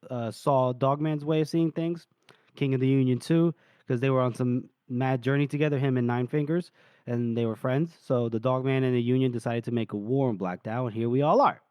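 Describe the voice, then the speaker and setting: A man's voice: medium pitch, fairly even intonation, a little fast, darkish tone, smooth, no room sound, clean studio sound. A man co-hosting a book podcast, retelling chapters in casual chat and laughing often. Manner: laughs often, many fillers and restarts. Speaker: podcast co-host.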